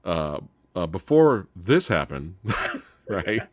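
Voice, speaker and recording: A man hosting a casual movie review chat, excitable and laughing, often restarting his sentences. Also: deep voice, takes it slowly, dry recording, clean studio sound. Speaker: host.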